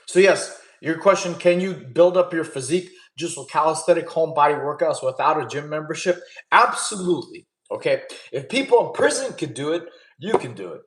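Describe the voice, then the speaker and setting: A man chatting casually with his livestream audience and answering questions, laid-back and quick to laugh. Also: a little high, expressive, reverberant, low-quality recording. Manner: laid-back, chatty, laughs often, addresses chat as y'all. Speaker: streamer answering chat questions.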